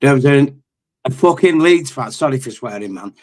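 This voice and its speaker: A man's voice: mid-range voice, expressive, moderate pace, a crowd in the background. A man, a football fan on a live call-in panel, talking bluntly, swearing often and telling stories as he rants about his team. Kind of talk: heated fan call-in rant.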